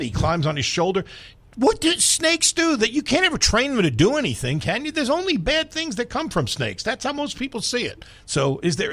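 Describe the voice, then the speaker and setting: A man's voice: extremely high pitch, a bit bright. A man hosting a radio interview who reacts often and laughs easily. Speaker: radio show host.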